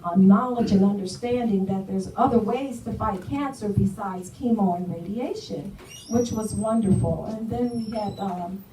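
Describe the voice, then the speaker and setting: A woman's voice: mid-range voice, warm tone. A middle-aged woman giving a personal testimony, telling her story earnestly and acting out what others said. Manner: earnest storytelling, acts out dialogue. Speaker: guest speaker giving a testimony. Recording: echoey room, from far off, faint noise.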